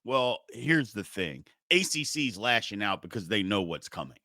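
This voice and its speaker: A man's voice: lowish voice, sing-song, normal speed, sharp tone, no echo. A male sports talk show host making heated, emphatic points with rhetorical questions.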